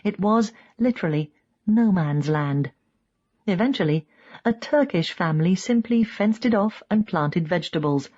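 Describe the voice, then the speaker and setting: A woman's voice: animated, normal speed, warm tone, muffled recording. Woman reading an audiobook in first person. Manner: reads in first person, voicing quoted speakers with raised pitch. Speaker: audiobook narrator. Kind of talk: scripted narration.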